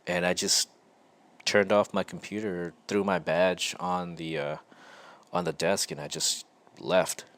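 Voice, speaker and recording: A man hosting his own show, telling a personal story in a slow, halting and reflective way with frequent pauses. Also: low-pitched, level tone, a bit bright. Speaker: podcast host.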